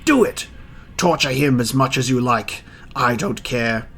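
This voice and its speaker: A man voicing a panicky, middle-aged male town mayor while reading a manga aloud, with a shrill, pleading, nervous delivery. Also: expressive, measured pace, creaky, a bit bright, breathy edge, exaggerated voice. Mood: panicked.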